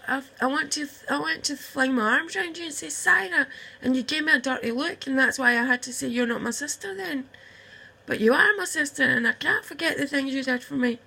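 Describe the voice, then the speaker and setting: Upset woman with a gravelly, tense voice. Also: high voice, sharp tone, low-quality recording. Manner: rambling, heartfelt, speaks straight to her sister, swears. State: upset, close to tears. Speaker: vlogger addressing her estranged sister. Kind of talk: emotional personal message to camera.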